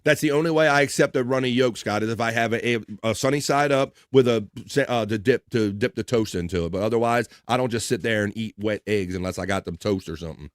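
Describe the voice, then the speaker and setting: A man's voice: on the low side, fast talker, hardly any pauses, no room sound, studio quality. Rambling man hosting a live stream. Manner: rambling, joking, swears casually. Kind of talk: casual chat reading viewer comments.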